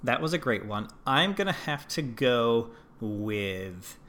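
A man's voice: mid-range voice, expressive, slow pace, fairly bright tone. Jokey man co-hosting a podcast. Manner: jokey, playful asides. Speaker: podcast co-host. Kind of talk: casual chat.

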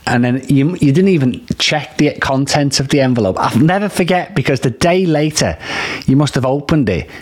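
A man's voice: medium pitch, moderate pace. A man with a Liverpool accent, a podcast co-host telling a long teasing story in casual chat.

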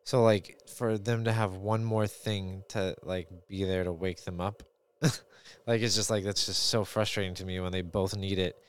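A man's voice: sits low, steady tone, normal speed, smooth. A man co-hosting a casual podcast chat as a parent, thinking aloud in a rambling way with many fillers.

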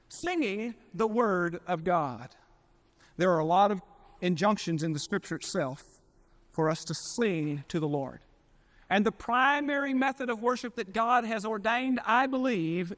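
In an archival 1992 sermon recording, a male pastor with a fairly high-pitched voice preaches emphatically. He slows to stretch out key words and swells in volume, then slips into folksy asides.

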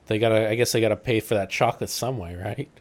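A man's voice: on the low side, fairly even intonation, fast. A man from Canada chatting on a casual podcast, asking the group questions. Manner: upbeat, asks the group questions. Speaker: podcast co-host.

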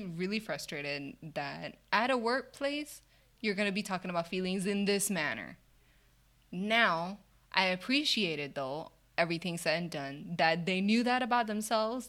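Animated woman telling a workplace story. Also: medium pitch. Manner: animated, acts out quoted dialogue, laughs often. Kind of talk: casual storytelling.

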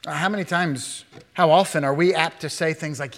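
A man preaching a sermon as a pastor, animated, with rhetorical questions to the congregation and quick asides acting out imagined speakers. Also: fairly high pitch. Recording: long hall reverb.

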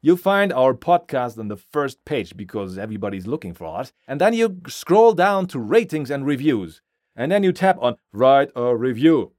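A man's voice: mid-range voice, sing-song, moderate pace, a little mellow, no echo, clean studio sound. A man hosting a podcast, giving chatty step-by-step instructions to listeners. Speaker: podcast host. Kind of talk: casual promo for listeners.

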